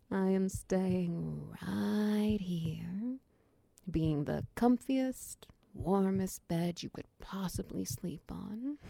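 A woman in a whispered role-play, voicing a large, doting, protective lover who coos, teases softly and slips into whispers. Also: mid-range voice, gravelly, no room sound, exaggerated voice. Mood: cozy. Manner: slow, soft, cooing and teasing, drifting into whispers. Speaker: voice actor in audio role-play.

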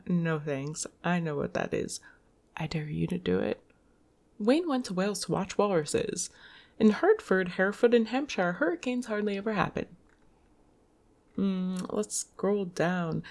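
A woman's voice: medium pitch, expressive, unhurried, darkish tone. A woman reading tongue twisters aloud in a casual solo video, laughing and swearing at her own slip-ups.

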